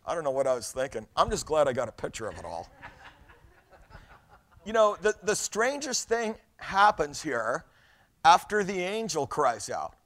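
Animated preacher man, fairly high voice. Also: normal speed. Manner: animated storytelling, reads scripture aloud, repeats words. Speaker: pastor. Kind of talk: sermon.

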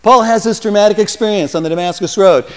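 Animated older male pastor preaching in a hall. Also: sits high, fast talker. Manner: animated storytelling, acts out voices. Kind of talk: sermon. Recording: long hall reverb.

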